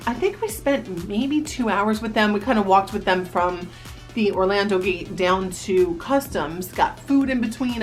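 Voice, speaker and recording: A woman in her thirties from New Jersey, a vlogger casually telling a story to the camera and reminiscing in a chatty way. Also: medium pitch. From New Jersey, USA. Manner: chatty, animated reminiscing with quoted voices.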